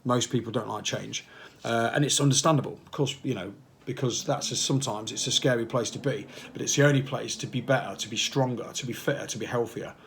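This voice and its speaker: A man's voice: medium pitch, a little fast, vocal fry, a little hiss or hum. Male fitness coach, casual vlog chat, fired up and waffly. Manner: passionate, rambling, fires off repeated questions. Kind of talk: casual motivational talk to camera.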